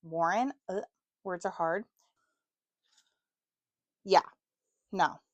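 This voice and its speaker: A woman's voice: mid-range voice, moderate pace, dry recording, lo-fi sound. A woman in her twenties chatting casually to camera about books, self-mocking and stumbling over words now and then. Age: 20s. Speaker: book vlogger.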